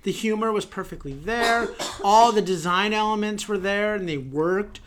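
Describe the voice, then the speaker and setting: A man's voice: high-pitched, moderate pace, a crowd in the background. A man co-hosting a podcast, gushing emphatically about a show and reading the sign-off. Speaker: podcast co-host. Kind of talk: casual theater review chat.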